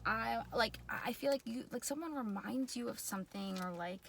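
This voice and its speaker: A woman with a New York accent giving a casual, rambling tarot reading, full of fillers and quick laughs. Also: on the high side, vocal fry, slight background noise. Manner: chatty, rambling, lots of "like" and laughs. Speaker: tarot reader.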